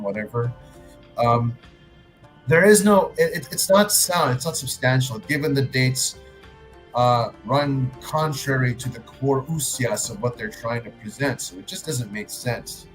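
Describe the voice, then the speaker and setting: A man's voice: mid-range voice, moderate pace, fairly bright tone, faint music behind, rough recording. A man hosting a livestream, arguing his point with frequent restarts and some swearing. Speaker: livestream host. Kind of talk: casual livestream commentary.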